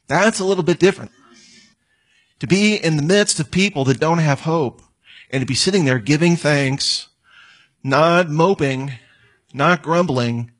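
A man's voice: a little high, husky. A man preaching a sermon, telling stories and acting out the voices of the people in them. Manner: storytelling, acts out quoted voices. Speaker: pastor.

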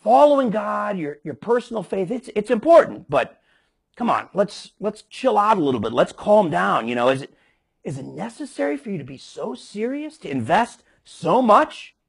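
A man in a sermon voicing a dismissive worldly man who coaxes a believer to relax, in a husky voice. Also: high-pitched, very animated, normal speed, full character voice. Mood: coaxing.

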